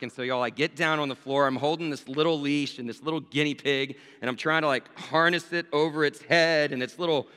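A man's voice: on the high side, steady tone, brisk, few pauses, fairly bright tone, smooth. A man, a pastor, telling a story in a sermon, talking casually and turning to his listeners with rhetorical questions. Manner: conversational, addresses listeners directly with rhetorical "right?". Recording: long hall reverb.

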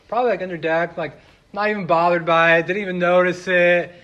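A man's voice: high-pitched, fairly even intonation, fast, a bit bright, dull audio, a little hiss or hum. A man preaching a sermon, retelling a story in a casual, chatty way with many fillers. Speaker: pastor.

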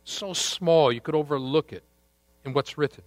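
A man preaching a sermon, deliberate and emphatic, with dramatic pauses. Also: fairly high pitch, no room sound. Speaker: pastor.

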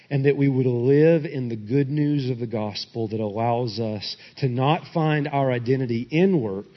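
A pastor preaching a sermon and closing in prayer, swinging from loud emphatic peaks to quiet asides. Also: male voice, mid-range voice. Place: church sanctuary. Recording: dull recording in a reverberant church hall.

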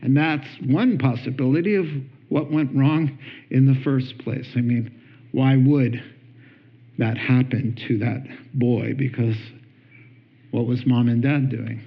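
A man preaching a sermon with animated storytelling, acting out quotes and chuckling between points. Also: medium pitch, slow, breathy edge, muffled recording. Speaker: pastor.

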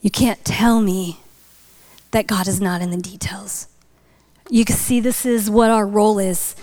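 A woman's voice: medium pitch, steady tone, unhurried, long pauses, a little mellow. Woman preaching a dramatic story sermon. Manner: dramatic storytelling, drops to whispers for emphasis; rises to passionate exhortation. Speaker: speaker at a church.

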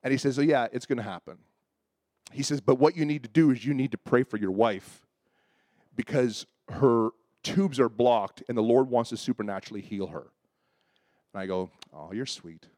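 A pastor preaches a sermon, recounting a personal story as an animated storyteller, acting out the dialogue in different voices and rising to emphatic points. His mid-range voice moves at normal speed. The recording is dry and of studio quality.

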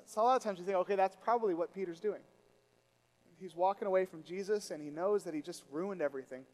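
A man preaching a sermon, telling stories with animated quoted voices and dropping to a quiet, intimate tone for reflection. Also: high voice, fast. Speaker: pastor.

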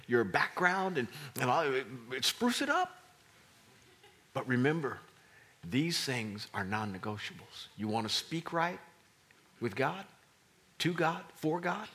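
A man delivers a sermon as a pastor, weaving a personal story into his message. His tone is bright and forceful. He drops to near-whispers for solemn moments, then rises to loud, excited bursts. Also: medium pitch. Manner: storytelling preacher, swings from hushed whispers to loud exclamations.

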